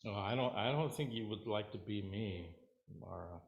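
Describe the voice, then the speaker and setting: Calm gentle sage, quiet and mild, a man voicing him, with a roomy echo. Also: lowish voice, normal speed, creaky, highs cut off.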